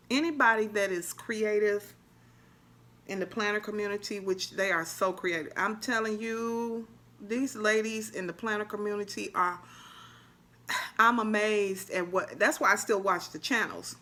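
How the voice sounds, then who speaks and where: A woman chatting casually on her crochet vlog, with a bright, forward tone. She talks in a lively, animated way and keeps giving shout-outs to other creators. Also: mid-range voice. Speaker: crochet vlogger. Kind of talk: casual chat.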